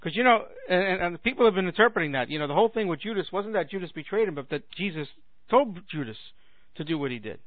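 High-voiced man ranting sarcastically, tinny sound. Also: expressive, fast talker, dry recording. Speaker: radio talk host. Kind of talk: comedic monologue.

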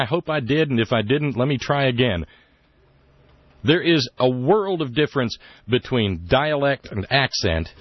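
A man's voice: mid-range voice, dry recording. A man hosting a talk radio show. He rambles wryly and often restarts his sentences. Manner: rambling, wry, with many restarts. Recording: dull lo-fi radio broadcast.

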